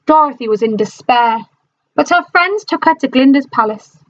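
A woman teacher reading a storybook aloud to her class in an animated, expressive manner. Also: high voice, normal speed, muffled recording.

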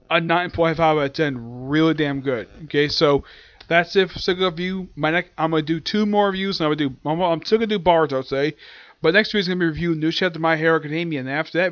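A young man casually recapping a comic chapter, excited and slipping into quick voices for the characters. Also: on the high side, no room sound, highs cut off. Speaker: anime and manga reviewer.

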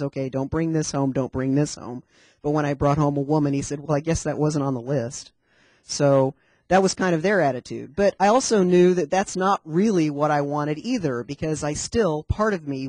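A man's voice: fairly high pitch, darkish tone, dry recording. Man, fifties, candid, wry, conversational, dry close sound. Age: 50s. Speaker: panel speaker. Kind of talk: personal talk at a community forum.

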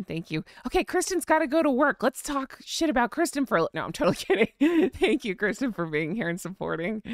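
A woman's voice: medium pitch, fairly bright tone, no echo, studio quality. An American woman hosting a live chat, chatting casually, reading viewer comments and sighing with vocal eye rolls. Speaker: live stream host.

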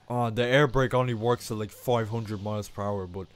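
A young man, a gaming channel host, giving casual gameplay commentary, excitable and self-mocking, often breaking into exclamations. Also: lowish voice, moderate pace, few pauses, clear, resonant tone. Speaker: gaming YouTuber.

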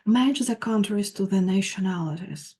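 Mellow-voiced woman tutor. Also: mid-range voice, normal speed, breathy edge. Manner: reads English phrases then translates them, with small slips. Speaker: English tutor. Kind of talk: textbook walkthrough, reading and translating.

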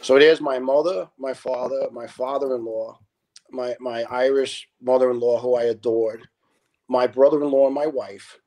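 A man's voice: medium pitch, fairly even intonation, normal speed, a little mellow, poor audio. Earnest middle-aged man telling stories. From New York. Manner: earnest storyteller, quotes people in their own voices. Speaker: retired fire lieutenant, podcast guest. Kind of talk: storytelling in a casual interview.

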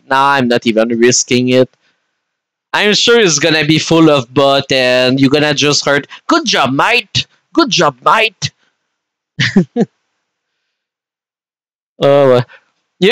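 Gaming streamer, male, French Canadian accent; slow, smooth, rambling chat to viewers. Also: on the high side, fairly bright tone, dry recording. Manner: rambling and chatty, talks to viewers while playing. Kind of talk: casual gameplay commentary.

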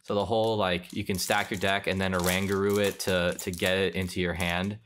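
A man's voice: deep voice, little pitch movement, a little fast, a bit bright, a little hiss or hum. A young man chatting casually while opening trading card packs, rambling and correcting himself as he goes. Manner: rambling, offhand, self-correcting. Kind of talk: casual pack-opening commentary.

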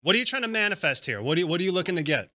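A man's voice: high voice, sing-song, very fast, background noise. A young adult man hosting a board game show over a video call, chatty and teasing. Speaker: host. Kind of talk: casual game show chat.

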